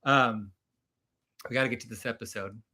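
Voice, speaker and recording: Bright, chatty man hosting a live stream. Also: mid-range voice, moderate pace. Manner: rambling, chatty, laughs often. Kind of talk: casual live-stream chat.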